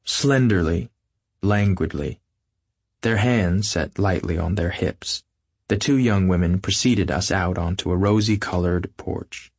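A man narrating an audiobook in a measured, literary first-person reading. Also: deep voice, a little mellow, breathy edge, dry recording, clean studio sound. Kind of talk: scripted narration.

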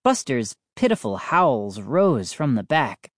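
A woman reading a storybook aloud in an expressive first-person narration. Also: rumbling low, slow pace, no room sound, clean studio sound. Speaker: audiobook narrator.

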